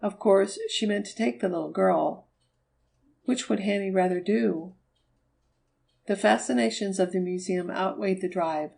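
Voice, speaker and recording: A woman narrating a children's storybook in a steady, measured reading. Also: medium pitch, gravelly, low-quality recording. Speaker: audiobook reader. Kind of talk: scripted narration.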